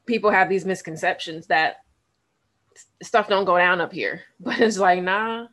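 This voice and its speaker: A woman's voice: lowish voice, normal speed, fairly bright tone. A woman co-hosting a casual talk show, blunt and candid, laughing as she talks. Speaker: podcast co-host. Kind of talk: casual chat.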